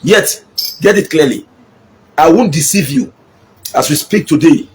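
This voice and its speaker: A man's voice: on the high side, animated, measured pace, a little hiss or hum. A middle-aged Nigerian man giving an impassioned political speech, mixing Pidgin with English and repeating his points for emphasis. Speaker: local politician.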